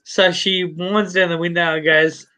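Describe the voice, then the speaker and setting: A man's voice: high voice, flat delivery, measured pace, pushed and bright, rough recording. A man hosting a live stream, telling a crude joke in a rambling way, with a lot of swearing and restarts. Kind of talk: casual chat, telling a joke.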